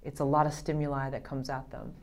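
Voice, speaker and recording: A woman's voice: rumbling low, flat delivery, a little fast, a little mellow. A woman interviewing a guest, asking questions in a conversational, tentative way.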